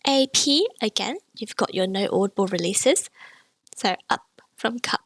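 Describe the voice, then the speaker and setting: A woman's voice: mid-range voice, expressive, a little slow, a bit bright, no echo. A woman teaching a beginner Cantonese pronunciation lesson, explaining patiently step by step. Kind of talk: language lesson.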